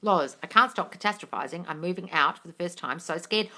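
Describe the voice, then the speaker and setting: A young woman with a lowish voice, talking a little fast with few pauses, hosts a casual live Q&A. She calls her audience darling, is blunt and foul-mouthed, and gets animated, erupting into loud excited bursts.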